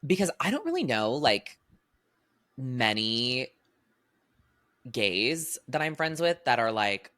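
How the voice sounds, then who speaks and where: Young woman podcast co-host with a low, bright, swooping voice and a casual, laughing manner. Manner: animated, quick to laugh, full of "literally" and "like". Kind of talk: casual chat.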